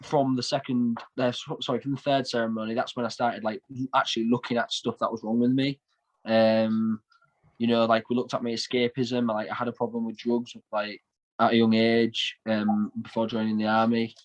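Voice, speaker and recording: In a relaxed interview, this twenty-something shamanic practitioner from north east England rambles through his story, repeating words and leaning heavily on fillers. He speaks with a North East English accent at a normal speed, in a medium pitch with little pitch movement. The sound is lo-fi.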